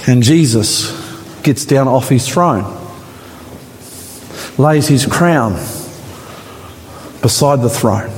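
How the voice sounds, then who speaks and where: Slow, dramatic male preacher in a reverberant church. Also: a little hiss or hum. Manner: dramatic preaching, swelling higher and louder at climaxes. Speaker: pastor. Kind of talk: sermon. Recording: church hall with long reverb.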